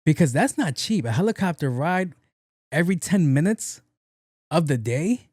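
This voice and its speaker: A man's voice: a little high, sing-song, moderate pace, darkish tone, no room sound. Rambling New podcast guy, dry sound. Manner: rambling, profane, slangy, acts out quotes. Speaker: podcast host. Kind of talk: casual solo podcast chat.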